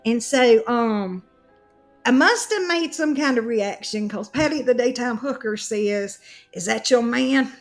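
Woman podcaster, high voice, lively storyteller who cracks herself up, soft music under her. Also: measured pace. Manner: animated, laughs through her own story. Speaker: podcast co-host. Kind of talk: casual comic storytelling.

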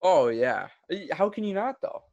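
A man's voice: high-pitched, moderate pace, vocal fry, no echo, lo-fi sound. Laid-back man, dry podcast sound. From Florida. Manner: relaxed, rambling, many fillers and restarts. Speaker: podcast host. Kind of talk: casual chat.

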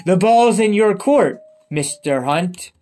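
A man voicing a smug, menacing male villain in a low, quiet tone. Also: expressive, slow.

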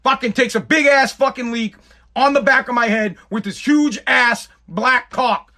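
Middle-aged guy telling a story, swears a ton, high bright voice. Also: measured pace. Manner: profane, rambling, emphatic. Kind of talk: casual storytelling monologue.

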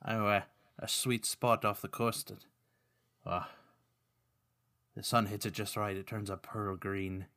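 A man's voice: lowish voice, little pitch movement, unhurried, pauses often, bright, forceful tone. A man voicing a cheery Irish fisherman who loves boats, in an Irish accent with folksy banter, in a tabletop game. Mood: jovial.

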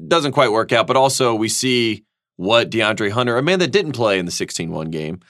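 A man co-hosting a sports podcast, breaking down a game in an animated, rambling way. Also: fairly low pitch, normal speed, no room sound, clean studio sound. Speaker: podcast co-host. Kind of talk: casual sports chat and read sponsor ad.

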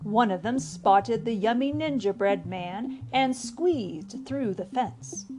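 A woman hosting a children's podcast, reading a storybook aloud in a cheerful, animated way. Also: mid-range voice, slow pace, hardly any pauses, loud music behind the voice.

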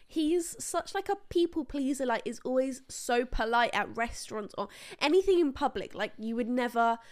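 High-pitched girl on a podcast, blunt, teasing, swears casually. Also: expressive, moderate pace. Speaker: podcast co-host.

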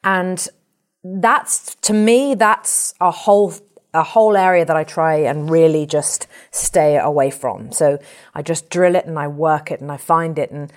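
A woman from England, speaking as an actor in an interview in a lively, colourful, animated way. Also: low voice, measured pace. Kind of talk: reflective conversational interview.

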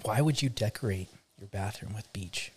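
A man's voice: fairly low pitch, normal speed, a little mellow, breathy edge. A man hosting a podcast in casual chat, joking and teasing his guests and laughing often. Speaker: podcast host. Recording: podcast mic.

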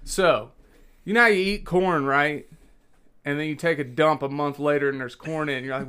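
A man hosting a podcast, talking in laid-back, joking casual chat. His voice sits a little higher than most men's. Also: moderate pace, pushed and bright, clear, resonant tone. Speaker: podcast host.

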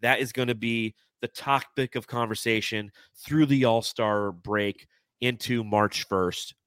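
A man's voice: fairly low pitch, fairly even intonation, measured pace, fairly bright tone, clear, resonant tone, no room sound, clean studio sound. A man hosting a casual sports podcast, reading out fan comments and laughing often. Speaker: podcast host.

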